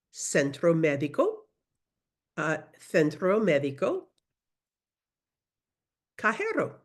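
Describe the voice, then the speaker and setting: Woman teacher on a video call, lowish voice, casual and chatty, corrects herself as she goes. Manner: chatty, self-correcting, laughs easily. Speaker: Spanish teacher. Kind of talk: casual online language lesson.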